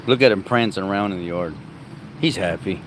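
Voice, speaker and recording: Man, lowish voice, casual livestream chat, narrating his dogs, outdoors on a phone, faint background noise. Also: fairly quick. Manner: chatty, narrates his dogs, baby-talks to them. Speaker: livestream host.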